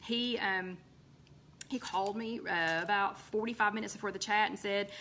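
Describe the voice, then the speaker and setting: Lady hosting a live chat from her loft, bright voice, lots of ums, faint hum behind. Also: mid-range voice, steady tone, moderate pace. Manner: chatty and rambling, many ums, answers viewers by name. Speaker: host of a live diet recipe chat. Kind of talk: casual live-stream chat.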